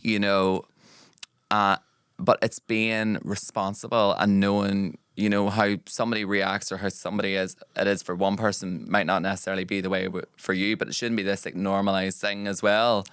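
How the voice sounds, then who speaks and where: Chatty Northern Irish man, smooth low voice. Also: level tone, moderate pace, fairly bright tone, no echo, clean studio sound. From Northern Ireland. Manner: chatty, theatrical, quotes people in put-on voices. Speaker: podcast co-host. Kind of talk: casual chat.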